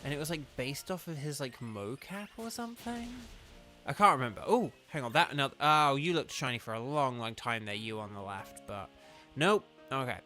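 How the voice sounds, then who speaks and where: A young man with a southern English accent chats loosely to his stream audience, drifting from point to point and packing his sentences with "like". His voice sounds bright and clear, at a medium pitch for a man. Faint music runs quietly underneath. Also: animated, normal speed. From southern England. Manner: rambling, chatty, heavy use of "like". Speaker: game streamer. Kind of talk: casual livestream chat.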